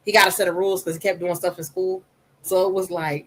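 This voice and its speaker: A woman with a soft voice, speaking candidly on a podcast and telling her stories in an animated way that slips into quoted voices. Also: on the low side, quick pace, a little hiss or hum.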